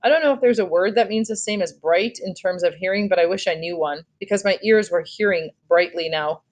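A woman's voice: on the low side, fairly quick. A woman teacher reading a novel aloud to her class, with short explanations between passages. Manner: explanatory, steady read-aloud.

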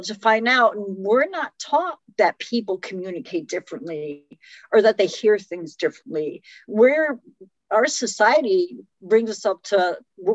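A woman's voice: on the high side, no echo, lo-fi sound. A woman talking reflectively in a casual conversation. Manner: reflective, conversational, many fillers. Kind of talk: casual conversation about relationships.

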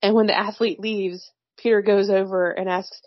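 A woman's voice: mid-range voice, level tone, moderate pace, no echo, muffled recording. A woman co-hosting a casual chat, recapping a film plot in a wry, slangy way and laughing often. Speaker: podcast co-host recapping a film.

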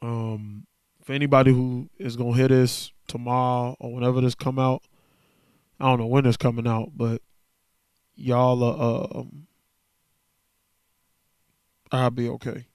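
A man's voice: mid-range voice, flat delivery, unhurried, long pauses, darkish tone, smooth, dry recording, studio quality. Candid man talking into a podcast mic. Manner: candid, loose and conversational, slangy. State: emotional, worn down. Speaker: podcast host. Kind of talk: casual solo podcast monologue.

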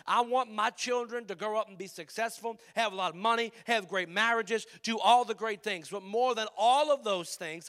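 A man preaching a sermon as pastor, passionate, swinging between loud emphatic lines and hushed ones. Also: sits high, moderate pace, hardly any pauses.

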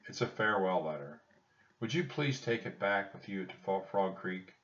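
A man's voice: low-pitched, expressive, normal speed, a bit bright, dull audio. A man voicing a stern, grave army captain who gives orders firmly, recorded from a distance in a roomy space. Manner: stern and commanding.

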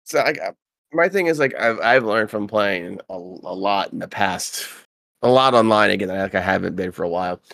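A man with a low, gravelly voice rambles through gaming anecdotes in a loose, profane podcast chat. He gets livelier when he quotes people, and his voice sits close and dry on the mic. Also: moderate pace, dry recording. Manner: rambling storyteller, profane, animated when quoting. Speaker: podcast co-host.

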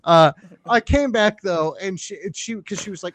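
A man's voice: high voice, expressive, normal speed, background noise. Laughing, crude storyteller man. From Oklahoma. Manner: laughs through his stories, crude and self-mocking. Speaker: podcast guest, comedian. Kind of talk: casual storytelling chat.

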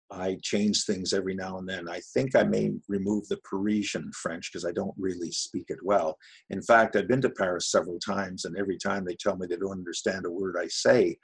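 Gravelly low-voiced man, relaxed and wry. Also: poor audio. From Canada, Ottawa area. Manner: relaxed, anecdotal, wry humor. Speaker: voice actor guest. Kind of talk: casual interview talk.

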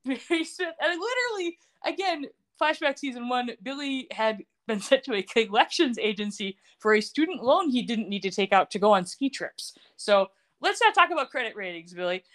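A woman's voice: on the high side, big pitch swings, normal speed, a bit bright. A woman hosting a casual recap chat, blunt, profane and sarcastic, often breaking into laughter. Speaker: podcast host recapping a TV series.

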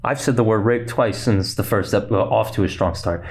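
Young guy rambling fast on his podcast, slight lisp, keeps cutting himself off. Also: on the low side, vocal fry. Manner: rambling, fast-talking, self-interrupting. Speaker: podcast host. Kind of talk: casual solo podcast chat.

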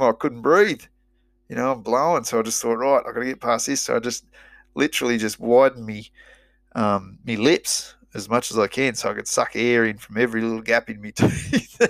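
A man's voice: mid-range voice, fairly even intonation, moderate pace, vocal fry, fairly bright tone, dry recording. A middle-aged Australian man, a former rugby player, telling his story in a blunt, sweary, rambling way. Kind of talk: casual storytelling.

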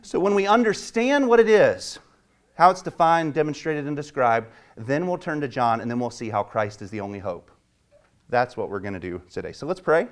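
A man preaching a sermon, his voice surging up for quoted complaints and sinking low and quiet in prayer. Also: animated, normal speed. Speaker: pastor.

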